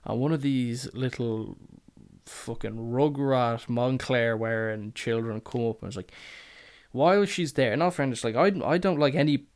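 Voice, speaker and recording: A man's voice: medium pitch, normal speed. Sweary young man telling stories. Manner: sweary, rambling, deadpan asides. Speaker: podcast host. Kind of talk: casual comic storytelling.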